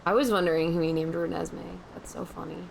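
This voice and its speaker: A woman's voice: fairly low pitch, fairly even intonation, quick pace, gravelly, a little hiss or hum. A woman streamer giving casual, amused commentary while playing a game. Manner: chatty and amused, reacting to the game. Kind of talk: casual let's-play commentary. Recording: game music behind the voice.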